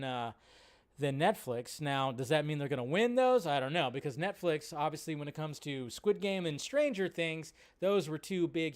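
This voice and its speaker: Male live-stream host, somewhat high, smooth and resonant voice, rambling offhand delivery. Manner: rambling, offhand, thinks aloud with restarts. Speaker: host of a live movie news show. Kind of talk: casual live-stream chat.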